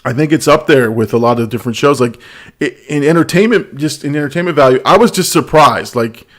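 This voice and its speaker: A middle-aged man with a medium-pitched voice and brisk pace hosts a laid-back pop culture podcast. His talk is casual and hesitant, full of restarts and small laughs between thoughts.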